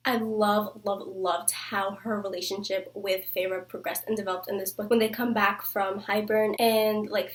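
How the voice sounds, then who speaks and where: Young female book vlogger, effusive fan energy, heavy filler words, mid pitch, slightly distant mic. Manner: gushing, fills speech with "like". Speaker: book reviewer. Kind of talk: casual book review vlog. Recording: voice a bit far from the mic.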